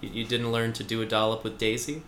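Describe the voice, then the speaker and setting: Man, casual chat, rambling storyteller, wry asides, lowish pitch, echoey room. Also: monotone, quick pace, fairly bright tone, a little hiss or hum. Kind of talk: casual chat recapping a TV episode.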